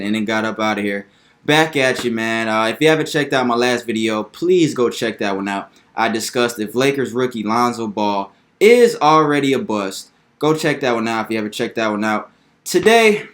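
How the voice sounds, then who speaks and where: A young man hosting a casual sports commentary video, animated and hyped, repeating points for emphasis. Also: lowish voice.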